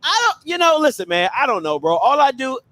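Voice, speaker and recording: A man's voice: very high-pitched, very animated, a little fast, pushed and bright, dry recording. A man hosting a live call-in sports talk show, laid-back and teasing.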